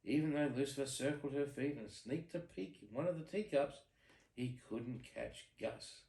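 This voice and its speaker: A man's voice: medium pitch, normal speed, warm tone. A man reading a bedtime story aloud to his child, adding playful asides and questions. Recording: echoey room.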